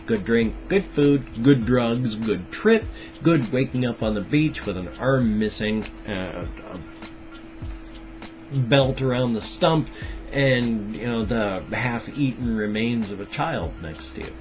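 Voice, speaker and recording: A man's voice: medium pitch, takes it slowly. A man in his fifties talking to camera in a rambling daily vlog, wry and darkly joking. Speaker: daily vlogger. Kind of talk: rambling monologue. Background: music.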